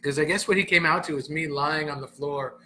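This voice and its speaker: Male comedian host, middle-aged, bright tone, animated storytelling with a faint hum behind. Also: on the high side, brisk. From Southern Florida. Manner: animated, acts out quoted voices, frequent laughter. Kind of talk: casual storytelling on a livestream.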